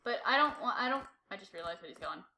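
A woman's voice: medium pitch, animated, quick pace, gravelly, bright, forceful tone, roomy sound. A woman giving jumpy commentary while playing a horror game, talking to herself and repeating short exclamations. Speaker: gameplay streamer.

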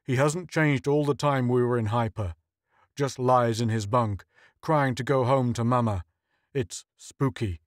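A man voicing a gruff ship's captain in an audiobook story. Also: medium pitch, measured pace, dry recording, studio quality, close to an everyday voice.

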